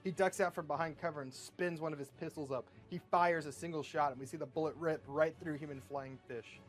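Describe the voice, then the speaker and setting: A man narrates his own comic script in a casual, offhand way, with the odd swear slipped in. His voice sits slightly high, and he reads the action lines at an easy pace. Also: steady tone, a little fast, soft background music. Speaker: YouTube creator. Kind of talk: reading a self-written comic script aloud.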